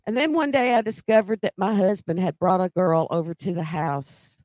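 A woman's voice: on the low side, moderate pace, a little mellow, no room sound. A middle-aged woman telling a personal story in a conversational way, with emphatic quoted dialogue.

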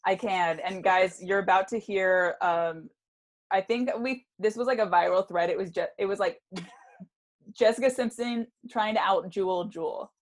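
A woman's voice: mid-range voice, moderate pace. Laughing woman podcast co-host. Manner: giggly, reads her old diary aloud dramatically. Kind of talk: casual chat.

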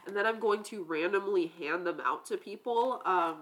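Bright forceful woman host, playful, trails off and laughs, casual podcast chat. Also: medium pitch, normal speed.

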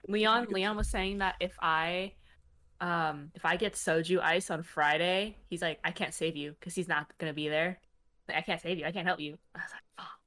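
A woman's voice: lowish voice, steady tone, moderate pace, fairly bright tone. A young woman co-hosting a podcast, blunt and laughing, swearing casually. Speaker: podcast co-host. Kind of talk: casual chat.

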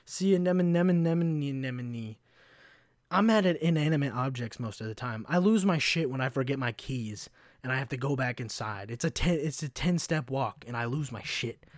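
A man's voice: mid-range voice, animated, fairly quick, dry recording, studio quality. Profane, fired-up male podcast host. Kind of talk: casual solo rant.

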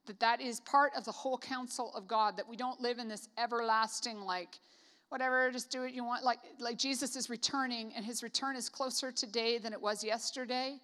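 A woman's voice: fairly high pitch, fairly even intonation, fairly quick, fairly bright tone. A Canadian woman preaching a casual sermon, chatty and joking with lots of "like" asides. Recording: reverberant hall.

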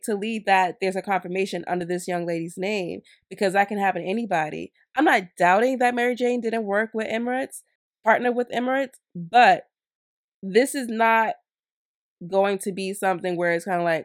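Woman vlogger ranting, indignant and animated. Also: medium pitch, no echo, studio quality. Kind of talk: commentary and storytime.

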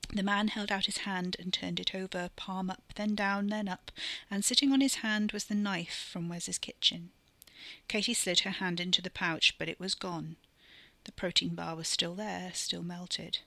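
Bright-voiced woman narrating a story. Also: lowish voice, fairly even intonation, normal speed, no room sound. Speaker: podcast narrator.

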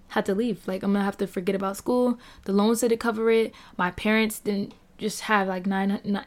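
Young woman, casual faith testimony, rambling and filler-heavy, mid-pitched, laughs often. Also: a little mellow. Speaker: Christian speaker sharing a testimony.

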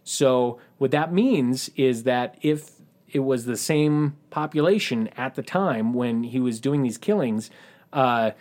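A man's voice: mid-range voice, slow, darkish tone. A man hosting a true crime podcast, narrating in a matter-of-fact way with wry asides. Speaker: podcast host.

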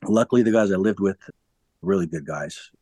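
A man with a very low voice tells his own story as an interview guest. He is frank, laughs through hard memories and acts out old conversations. The sound is dry and close, with no room echo. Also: fairly quick, mellow, slightly rough. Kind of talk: candid personal storytelling.

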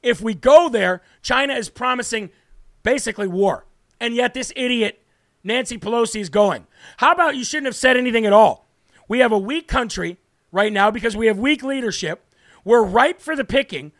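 A male political talk host with a strikingly high voice and a brash, forceful delivery. He hammers his points home in short repeated bursts, recorded dry and close with no room sound. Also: normal speed, no echo. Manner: brash, emphatic, repeats for emphasis. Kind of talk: live political commentary.

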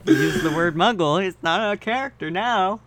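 A man co-hosting a comedy podcast, reading a story aloud deadpan and breaking off for joking asides. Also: high-pitched, normal speed, very noisy. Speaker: podcast co-host and reader.

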